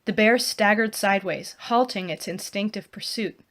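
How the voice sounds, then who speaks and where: A woman reads her own fantasy novel aloud in the first person. Her delivery is hushed and even, with a voice of ordinary pitch for a woman. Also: moderate pace. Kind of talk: first-person fiction narration.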